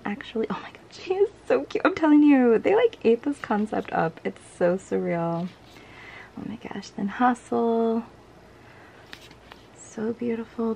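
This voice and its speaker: Gushing young woman with a gravelly voice. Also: fairly high pitch, dark tone, slight background noise. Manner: gushing, breathy exclamations, drops to whispers. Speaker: unboxing vlogger. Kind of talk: casual unboxing chat.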